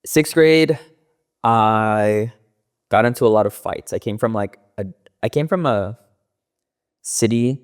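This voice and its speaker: A man's voice: on the low side, takes it slowly, long pauses, clear, resonant tone. A young man from the Los Angeles area, a podcast guest, telling loose and profane stories in casual interview talk, full of fillers.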